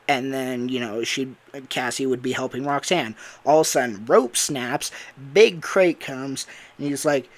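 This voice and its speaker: This mid-range male voice belongs to a voice actor and streamer, unhurried as he rambles casually on a livestream, laughing and using lots of fillers.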